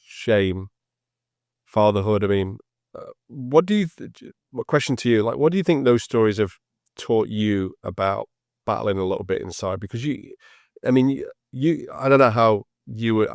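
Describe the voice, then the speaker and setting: A man's voice: fairly low pitch, a little mellow, no echo, clean studio sound. A male podcast host interviewing a guest over a video call, asking hesitant, rambling questions.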